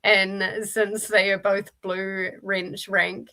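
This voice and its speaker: A woman's voice: medium pitch, little pitch movement, very slow, pushed and bright. A woman with a New Zealand accent hosting a reading livestream, chatting and laughing as she reads viewer comments aloud. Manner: chatty, laughs often, restarts and fillers while reading chat aloud. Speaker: streamer hosting a reading sprint.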